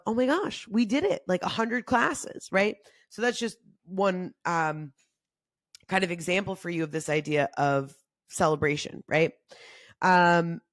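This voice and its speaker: A young adult woman hosting a casual self-help talk, chatty and animated, acting out quotes with big jumps in her voice. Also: on the low side, no echo, clean studio sound. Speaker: podcast host.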